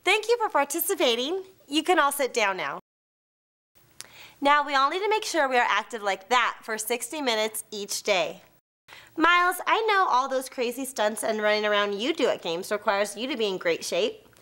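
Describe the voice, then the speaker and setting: A woman's voice: on the high side, expressive, moderate pace, pushed and bright. A woman cheerleader speaking upbeat to a room of students and leading a cheer. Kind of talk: school presentation to students.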